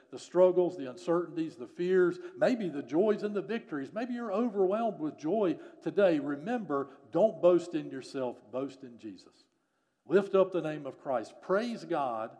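A man preaching a sermon on a psalm, earnest, rising to emphasis and dropping soft again. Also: on the high side, big-room sound. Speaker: pastor.

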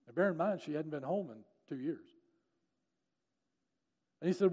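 A man preaching a sermon in church, telling a story and leading prayer, earnest, alternating urgent emphasis with soft, low passages. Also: moderate pace, pauses often. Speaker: pastor. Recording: long hall reverb.

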